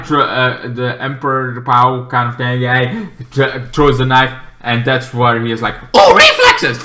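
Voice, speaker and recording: A man talks through a movie review in a loose, rambling way, full of fillers and restarts. His voice is bright and forceful. The sound bounces around a roomy, echoey space. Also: mid-range voice. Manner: rambling, excitable, with many fillers.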